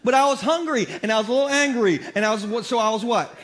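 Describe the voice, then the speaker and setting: A man preaching a sermon as pastor, telling comic, self-deprecating stories in an animated way. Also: very high-pitched, quick pace. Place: church.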